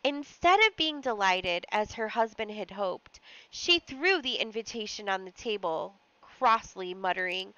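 A woman teacher reading a classic short story aloud for a lesson, with expressive delivery and the odd aside. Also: mid-range voice, measured pace, hardly any pauses, clear, resonant tone, no echo, highs cut off. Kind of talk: read-aloud lesson narration.

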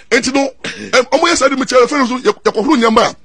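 A middle-aged Ghanaian man and lawyer, telling stories in an excitable way, mixing Twi and English and repeating his words. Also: very high voice, rapid-fire, creaky, husky, no echo. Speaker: lawyer and commentator. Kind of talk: animated storytelling talk.

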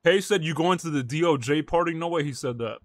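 A man's voice: fairly high pitch, fast talker, dry recording. A man role-playing a defendant in a game courtroom, talking in loose street slang and laughing often. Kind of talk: casual role-play banter.

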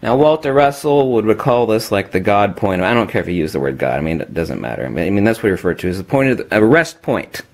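A man's voice: fairly low pitch, very animated, fast, hardly any pauses. A man giving an unscripted, emphatic talk while demonstrating magnets, addressing viewers as kiddies.

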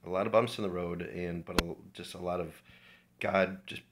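A man's voice: low voice, steady tone, moderate pace, noisy background. A man from Minnesota sharing an informal, heartfelt devotional talk with his church, earnest and personal. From Minnesota, USA.

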